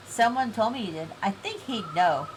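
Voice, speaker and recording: Woman streamer, teasing and giggly, unhurried; desk mic, noisy home recording. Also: on the high side, a little mellow. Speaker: streamer running a game event. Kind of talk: casual live-stream chat, reading game text aloud.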